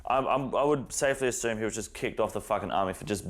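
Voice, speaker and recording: A man's voice: lowish voice, quick pace, background noise. A man giving a profane, exasperated reaction commentary, ranting at a video he is watching.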